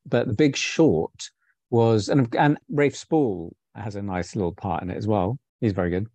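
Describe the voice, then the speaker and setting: A man with a lowish voice chats casually about a film, easily breaking into laughter. The recording is close and dry, with no room sound. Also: moderate pace, dark tone, dry recording. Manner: chatty, laughs often, backchannels. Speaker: film club co-host.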